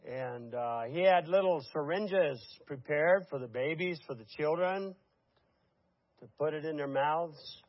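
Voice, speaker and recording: An older male pastor with a high voice preaches to his congregation. He talks with plenty of fillers and restarts, then climbs to fervent, emphatic peaks. The recording sounds muffled and lo-fi. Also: measured pace, no echo. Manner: impassioned, building to emphatic peaks, with frequent fillers. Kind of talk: sermon. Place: church congregation.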